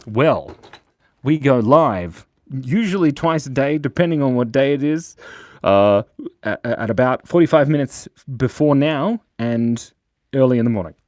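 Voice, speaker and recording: Man, livestream drawing host, playful, lively swooping pitch, dry close sound. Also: a little slow, no room sound. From Australia. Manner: playful, jumps between loud bursts and mumbled asides. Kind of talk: casual live-stream chat reading comments. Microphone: mic set in a beard.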